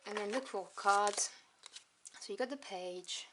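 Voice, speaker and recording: A woman of ordinary pitch talks through a tarot deck, chatty and enthusiastic. She drops into soft asides now and then. The home recording has audible noise and card clicks. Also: takes it slowly. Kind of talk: casual deck review. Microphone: camera on tripod.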